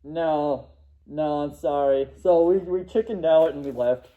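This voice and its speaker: A man's voice: on the high side, unhurried, phone-quality sound. A young man casually telling a rambling story, laughing and acting out what people said. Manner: rambling, laughing, acts out quotes.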